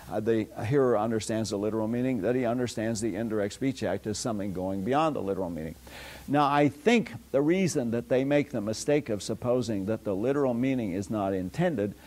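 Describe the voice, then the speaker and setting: A man's voice: medium pitch, a little mellow. An older American man giving a university philosophy lecture, rambling through anecdotes with frequent fillers and restarts. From United States. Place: lecture hall.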